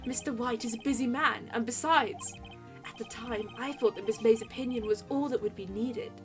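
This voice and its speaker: A woman voicing a cool, polished male prosecutor in a video game, speaking in a smooth, overly polite way. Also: on the high side, normal speed, soft background music, close to an everyday voice.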